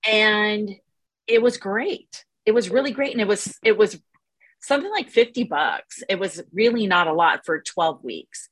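A woman's voice: mid-range voice, a little slow, no echo, low-quality recording. A woman sharing an experience with a support group on a video call, rambling casually with many fillers. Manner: rambling, casual, lots of "you know".

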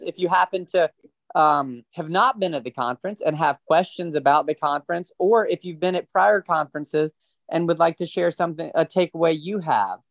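A man's voice: high voice, no room sound, lo-fi sound. A man hosting a community call, inviting questions in a welcoming, slightly formal way. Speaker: call moderator.

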